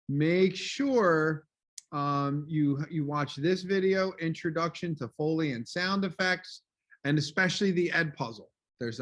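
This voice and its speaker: A male teacher giving a casual online class review, loud and full of fillers like "um" and "okay?", speaking over a video call. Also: fairly high pitch.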